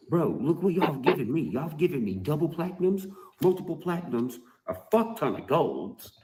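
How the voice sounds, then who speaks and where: A man's voice: on the high side, very animated, moderate pace, warm tone, a little hiss or hum. A man ranting to his fans in a heated, profane, mocking monologue. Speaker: rapper speaking to fans.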